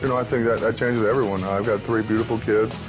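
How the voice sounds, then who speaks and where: Fast-talking low-voiced man, candid. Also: fairly even intonation, over music. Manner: easygoing, candid, frequent fillers and restarts. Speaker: interview guest, pro football player. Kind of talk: relaxed interview talk.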